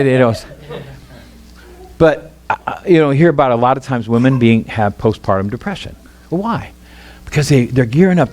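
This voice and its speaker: A middle-aged man with a Midwestern American accent, preaching a sermon in an animated, rambling way with many restarts. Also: a little high. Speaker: pastor.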